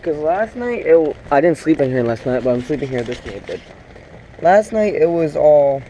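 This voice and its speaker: A man with a slightly high, very animated voice speaks at a moderate pace in a mellow tone. Filming himself with a tripod-mounted camera inside a small tent in pouring rain, he rambles casually, fills his talk with fillers, and chats to his dog. The recording is rough and carries a little hiss or hum.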